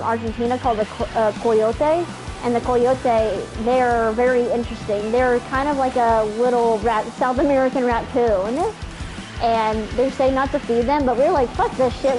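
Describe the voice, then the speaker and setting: A young woman with a high-pitched voice tells a rambling travel story between races, animated and freely profane. Game music plays clearly under her talk. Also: moderate pace. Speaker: gamer co-streamer. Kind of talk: casual chat while gaming.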